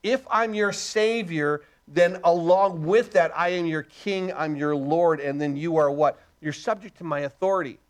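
A man's voice: a little high, a little slow, few pauses. A middle-aged male pastor preaching a sermon, emphatic, asking rhetorical questions and answering them himself.

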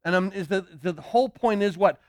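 A male pastor preaching a sermon, animated, asking the listeners rhetorical questions and acting out quoted pleas. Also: high-pitched, fairly quick, no room sound, clean studio sound.

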